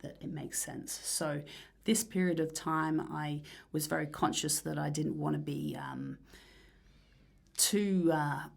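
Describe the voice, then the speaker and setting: A woman musician talking casually in an interview, rambling and dreamy with many fillers and soft breathy asides. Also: deep voice, big pitch swings, slow. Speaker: musician guest.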